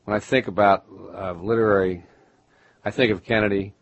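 A middle-aged man from Baltimore, a writer being interviewed, musing in a halting way with many restarts. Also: on the low side, steady tone, dry recording, rough recording. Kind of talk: reflective conversational interview.

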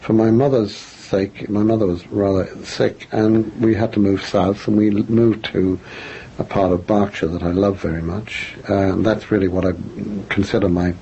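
Heard through faint noise on a dull, lo-fi radio recording, an older English author talks as a guest in an interview. His dark, lowish voice keeps a fairly even intonation and moderate pace, and his answers are reflective and self-deprecating, with frequent restarts.

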